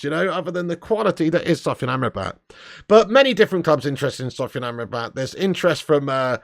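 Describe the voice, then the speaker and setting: Brief: male stream host, rowdy banter, swearing, slightly high voice. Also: lively intonation, fast, creaky, dry recording, studio quality. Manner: brash, profane football banter. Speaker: fan channel host. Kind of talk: live transfer news stream.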